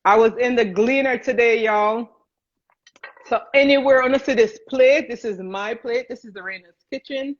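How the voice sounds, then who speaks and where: A Jamaican woman with a fairly high voice hosts a cooking livestream, talking at a normal pace as she chats casually, laughs while she cooks, and greets viewers by name. The livestream audio is dull and lo-fi.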